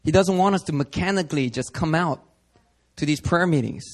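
A man preaching a sermon at a prayer meeting, animated and dramatic, moving between hushed stretches and loud bursts. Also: a little high, fairly quick. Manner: animated, acts out scenes, shifts from hushed to loud. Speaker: pastor.

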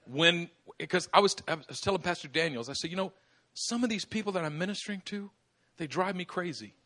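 A man preaching a sermon as pastor, acting out little dialogues with laughter and sudden shouts. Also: sits high, brisk. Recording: live church service.

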